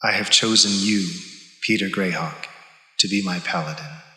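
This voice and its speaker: A man's voice: deep voice, roomy sound, in a large hall, poor audio. A man voicing a solemn goddess of life. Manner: measured, grave, soft-spoken.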